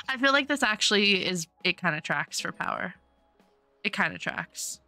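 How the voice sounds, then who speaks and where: This woman has a mid-range, bright voice with a forceful tone, recorded on a desktop USB mic. She gives casual commentary as she plays a life-sim game, effusively thanking her chat.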